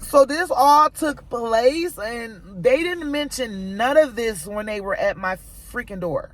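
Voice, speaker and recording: An American woman vlogging, telling a personal story to her viewers in an animated, emphatic way. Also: a little high, slow, faint music behind. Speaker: mom vlogger. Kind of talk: storytime vlog.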